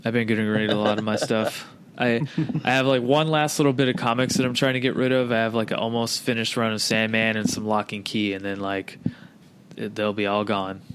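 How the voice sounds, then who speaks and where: Laid-back, low-voiced male podcast host. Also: brisk, slight background noise. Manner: relaxed, profane, laid-back. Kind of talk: casual interview chat.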